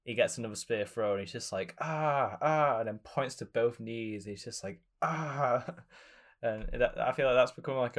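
A man co-hosting a podcast, chatting casually about films, hesitant and searching for words as he goes. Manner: hesitant, many fillers and restarts, jumps up in pitch. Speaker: podcast co-host. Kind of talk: casual film chat.

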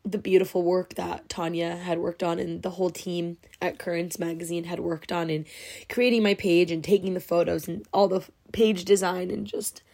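A woman's voice: fairly low pitch, fairly even intonation, normal speed, creaky, darkish tone. A young woman hosting her own podcast, crying happy tears as she gushes her thanks with lots of fillers and restarts. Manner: tearful, gushing, full of fillers. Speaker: podcast host. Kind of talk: emotional solo podcast talk.

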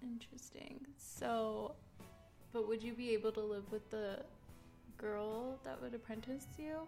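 A young woman chatting casually on a podcast, with a fairly high voice and an easy, playful back-and-forth. She asks questions and laughs readily, with soft music in the background. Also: steady tone, measured pace, gravelly. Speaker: podcast co-host. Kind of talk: casual chat.

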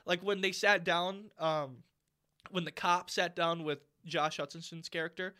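A man's voice: fairly high pitch, steady tone, measured pace, bright, forceful tone, clear, resonant tone. A young man co-hosting a casual podcast chat, ranting and swearing freely with lots of fillers. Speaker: podcast co-host.

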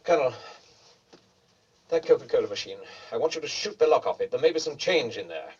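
An actor playing a flustered, prim British officer with a British accent, speaking in a clipped, exasperated way. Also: male voice, medium pitch, expressive, brisk, husky. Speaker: British air force officer. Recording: muffled old film audio, distant.

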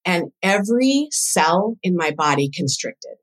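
A woman who works as a doula coach appears as a guest on a podcast, sharing a personal story in casual conversation. She acts out quoted dialogue with emotion and animation. Her voice is on the low side and unhurried, and the audio is poor.

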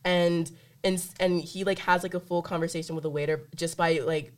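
A woman's voice: on the low side, steady tone, a little fast. A young woman co-hosting a podcast in casual chat, playful and talkative, with lots of "like" fillers. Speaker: podcast co-host.

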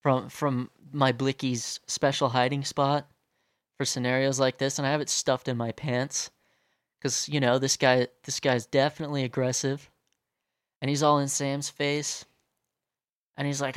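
A man's voice: mid-range voice, unhurried, smooth, dry recording, clean studio sound. Profane young man telling a story. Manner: profane, animated, many fillers. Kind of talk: casual storytelling rant.

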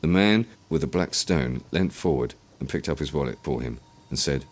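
A man narrating an audiobook in an expressive storytelling manner. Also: rumbling low, moderate pace, few pauses.

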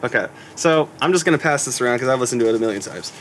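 A man's voice: mid-range voice, animated, very fast. A laid-back young man with an ordinary mid-range voice hosts a casual chat. He rambles and swears freely. Faint background noise runs under the recording.

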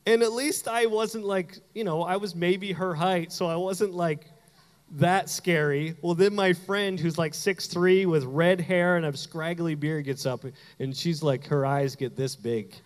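A man from Canada preaching a sermon, telling a personal story with animated delivery and acted-out quotes. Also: sits high, measured pace, in a large hall. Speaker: pastor.

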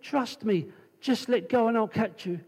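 A calm, reassuring God speaks in steady, unhurried words, as a preacher puts the voice on. The voice is slightly husky, and a long reverb hangs in the hall. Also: male voice, high-pitched, voice pushed up, exaggerated voice.

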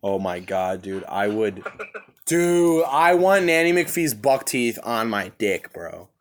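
A young adult man hosting a podcast in casual chat, talking in an excitable, profane, animated storytelling way. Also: fairly low pitch, takes it slowly. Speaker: podcast host.

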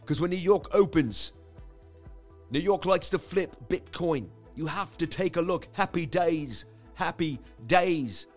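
A man doing an impression of a fellow crypto trader, with a put-on accent and an excited, sing-song way of calling the charts. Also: a little high, measured pace, soft background music, voice pushed up. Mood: hyped.

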